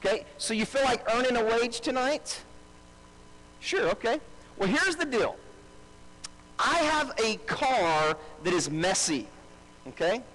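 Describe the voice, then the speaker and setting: A man's voice: very high voice, sing-song, unhurried, pauses often, fairly bright tone, rough recording. A male pastor preaching a live sermon to a congregation, repeating key phrases for emphasis and calling on the crowd to answer back. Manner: calls out to the congregation and asks for responses. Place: church service before a congregation.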